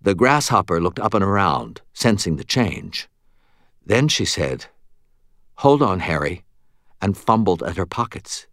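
A man reading an audiobook in first person with expressive, wry storytelling. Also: low voice, unhurried, dry recording, studio quality. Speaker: audiobook narrator.

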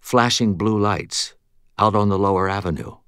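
A man reading an audiobook in first person with expressive, wry storytelling. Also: on the low side, normal speed, smooth, no room sound, studio quality. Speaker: audiobook narrator.

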